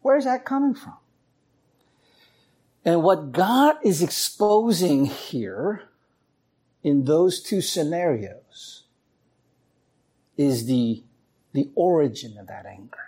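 Male pastor, husky voice, slow delivery, lively swooping pitch, storytelling sermon. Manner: animated storytelling, acts out voices.

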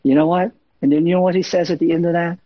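A man preaches in a loose, conversational way, with fillers, asides and emphatic repeats. His voice sits a little high and sounds husky. The recording is dry and somewhat dull. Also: steady tone, fast talker, no room sound. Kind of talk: sermon.

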